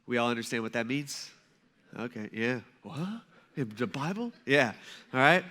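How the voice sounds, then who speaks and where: A man's voice: medium pitch, lively intonation, moderate pace, pushed and bright. A man in his thirties giving a sermon as a pastor, telling jokes and stories about his own family. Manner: joking, self-mocking storytelling. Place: church sanctuary.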